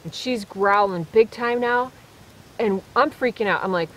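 A woman chatting to camera while camping alone in the woods at night, telling lively stories in a casual, animated way. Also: medium pitch, a little slow, slight background noise, rough recording. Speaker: solo camping vlogger.

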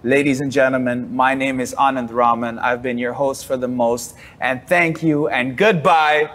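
A man's voice: mid-range voice, fairly even intonation, normal speed, fairly bright tone. A man hosting a live product talk show with guests, upbeat and promotional, laughing easily. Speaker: host. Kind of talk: live-stream product chat.

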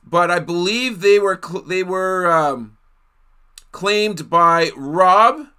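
A man's voice: high voice, takes it slowly, bright, forceful tone, smooth. A man from Canada hosting a live card break, chatting casually with viewers, laughing often and thinking aloud with fillers.

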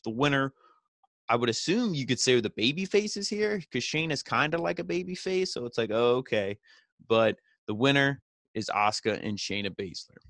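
A man's voice: medium pitch, fairly bright tone, no echo. A man hosting a podcast, giving a casual, rambling recap full of "you know" fillers and paraphrased quotes. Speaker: podcast host.

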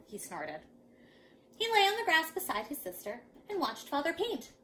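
A woman reading a picture book aloud to young children, dramatic and lively. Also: high-pitched, moderate pace. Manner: animated, dramatic. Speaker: children's storyteller.

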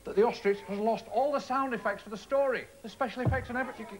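A man doing comic stage patter for children as a guest entertainer, excitable and exclaiming, in a loud, noisy studio full of children. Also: very high voice, quick pace.

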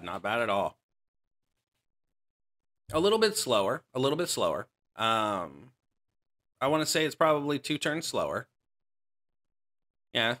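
Male gaming host, lowish voice with a bright, pushy tone, casual strategy commentary that corrects itself as it goes. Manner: explanatory, strategy-focused, self-correcting.

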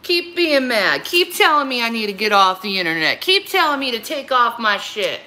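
Furious woman streamer, high animated voice, bright and sharp, swearing and repeating herself. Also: moderate pace. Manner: profane, confrontational, repetitive. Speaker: livestreamer. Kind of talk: angry livestream rant.

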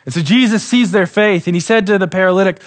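Man preaching an animated sermon. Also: high voice, quick pace. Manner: animated preaching, acting out quoted voices, dropping soft for emphasis. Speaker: pastor.

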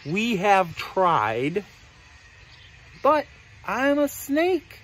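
A man's voice: high voice, huge pitch swings, extremely slow, a bit bright, heavily acted. A man voicing a gloomy, left-out male snake in a read-aloud storybook. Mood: glum.

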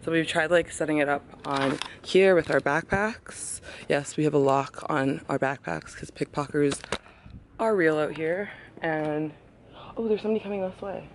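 A woman chatting casually to camera on a holiday trip, excitable and full of slang. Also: low voice, measured pace, a little hiss or hum. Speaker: travel vlogger. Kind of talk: casual vlog chat to camera. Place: outdoors on a holiday island.

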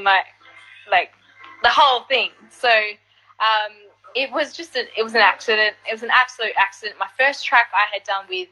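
A woman singer telling stories in an animated, casual way during an interview. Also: mid-range voice, poor audio. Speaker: singer and guest artist.

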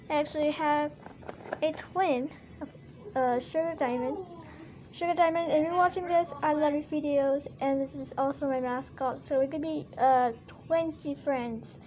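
High, slow-talking female toy vlogger. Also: darkish tone, lo-fi sound, a little hiss or hum. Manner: rambling, many fillers and restarts. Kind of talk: casual chat to camera.

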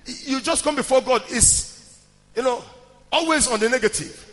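A male preacher delivering a fervent sermon, often shouting and chanting phrases rhythmically. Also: very high voice, moderate pace, big-room sound, faint music behind.

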